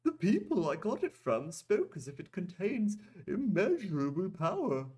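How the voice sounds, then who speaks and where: A jittery male merchant in a fantasy storybook reading, his voice pushed far above his own, thin and strained. He stammers and squeaks as he schemes, and his pitch leaps all over. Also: wildly swooping pitch, moderate pace, darkish tone, breathy edge, full character voice. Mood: scheming.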